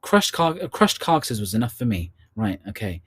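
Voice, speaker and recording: A man hosting a live online charity quiz, reading questions slowly and slipping in joking asides. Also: fairly low pitch, sing-song, a bit bright, husky. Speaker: quiz host. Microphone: earbud headset.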